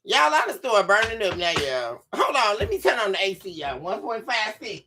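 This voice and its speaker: A woman hosting a live tarot stream on a webcam mic from home, excitable and laughing often as she chats casually with her viewers. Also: medium pitch, moderate pace, faint music behind. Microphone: webcam microphone.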